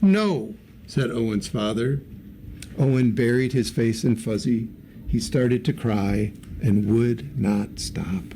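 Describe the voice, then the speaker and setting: A man reading a children's picture book aloud in a lively way, giving the characters little voices. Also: mid-range voice, a little hiss or hum. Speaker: story reader.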